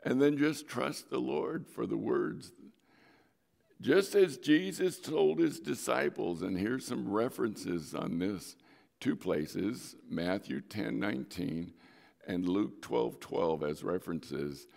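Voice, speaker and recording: Middle-aged pastor guy, sermon, low gravelly voice, chatty storytelling w sudden loud bits. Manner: conversational storytelling with sudden emphatic rises.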